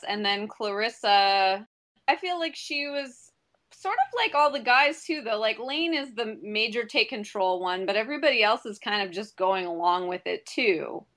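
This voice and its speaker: A woman's voice: a little high, animated, normal speed, fairly bright tone. A woman co-hosting a casual film discussion podcast who laughs often as she talks. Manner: giggly, laughs often while talking. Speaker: podcast co-host.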